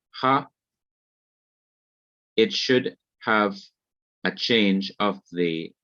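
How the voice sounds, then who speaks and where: A man teaching a beginner Hebrew class, explaining grammar slowly and repeating each key point. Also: deep voice, fairly bright tone, no echo, dull audio.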